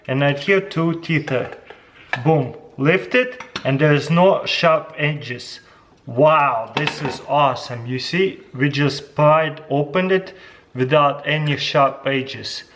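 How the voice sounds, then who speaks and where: A man casually reviewing kitchen gadgets at home, talking to his dogs and getting loud and excited as he demonstrates. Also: slow pace, slight background noise. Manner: excitable, gets very loud and high when thrilled. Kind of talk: casual product review vlog.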